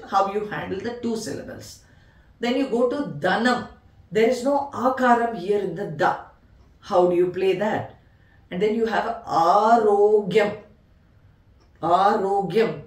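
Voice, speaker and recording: Slow, patient woman teaching music. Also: mid-range voice, reverberant, recorded from a distance. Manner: patient, counts beats and spells out swaras. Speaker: veena teacher. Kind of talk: music tutorial explanation.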